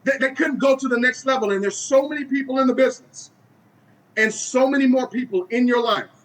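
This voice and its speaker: A man's voice: very high-pitched, fairly quick, a bit bright, rough recording. A man speaking as a company executive, giving a preachy, repetitive motivational speech on a webinar call.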